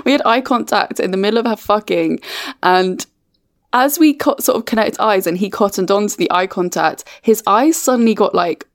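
A woman co-hosting a podcast, telling a story in a giggly, animated way. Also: medium pitch, normal speed. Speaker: podcast co-host. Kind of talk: casual comedic chat.

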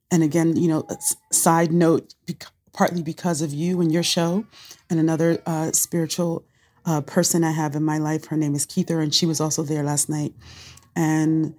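A woman speaks earnestly into a phone voice note, her voice low and mellow. She reflects as she goes and rambles a little, with soft fillers between her thoughts. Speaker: caller sending a voice note. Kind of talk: heartfelt voice note.

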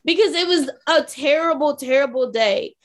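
A woman podcast co-host telling a story in casual chat, animated and acting out what people said. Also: sits high, moderate pace. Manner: animated, acts out quotes from others.

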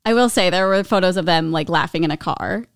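A woman's voice: lowish voice, brisk, clean tone, dry recording, clean studio sound. A young woman co-hosting a podcast in a casual, chatty way, agreeing and laughing along. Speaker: podcast co-host. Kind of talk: casual chat.

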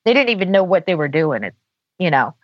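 A woman's voice: fairly low pitch, very animated, fast talker, no echo. Woman, casual storyteller, dry lo-fi sound, filler-heavy chat. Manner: chatty, lots of filler "you know". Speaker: podcast guest.

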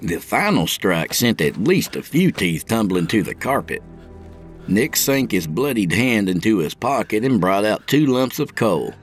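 A man's voice: on the low side, sing-song, a little slow, faint music behind. A man narrating a gritty first-person story, his storytelling vivid. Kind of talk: audiobook narration.

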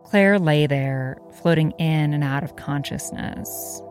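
A woman reading scripted podcast narration in a measured way. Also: deep voice, darkish tone, soft background music.

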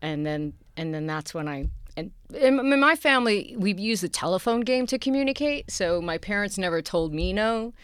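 A woman's voice: medium pitch, lively intonation, normal speed, hardly any pauses, clear, resonant tone, dry recording. A middle-aged woman from Queens with a New York accent, chatting as a guest in a studio interview, laughing often and restarting her sentences. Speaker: guest actress. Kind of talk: casual interview chat. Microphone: studio mic.

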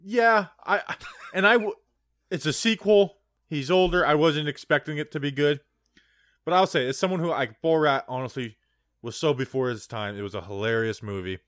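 A man's voice: medium pitch, a little fast, no room sound, clean studio sound. A man co-hosting a sports podcast in casual chat, rambling and digressive, with lots of "like". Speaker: podcast co-host.

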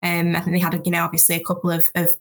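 A woman football journalist on a podcast panel, talking through her analysis quickly and thinking aloud. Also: on the low side, monotone, a bit bright. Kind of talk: casual chat.

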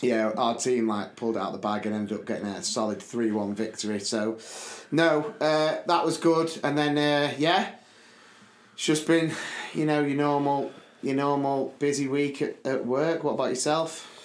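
Casual guy in his 30s, chatty podcast cohost, loud excited bits, roomy sound. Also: medium pitch, normal speed, a little hiss or hum. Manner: lively storytelling, loud bursts when acting out his shouting. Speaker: podcast co-host. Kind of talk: casual chat. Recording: roomy echo.

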